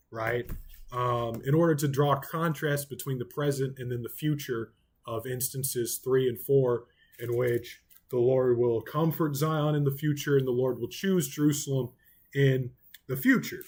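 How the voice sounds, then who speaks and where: A man with an Oklahoma accent teaching a Bible study in a relaxed, conversational way, full of ums and you-knows. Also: mid-range voice, a little slow, slightly rough.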